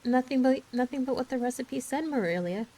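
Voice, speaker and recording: A woman's voice: sits high, lively intonation, brisk, mellow, pitched above the performer's own voice, poor audio. A woman voicing a tearful, dramatic orphan girl, pleading in an anguished, breathless way during an ASMR book reading.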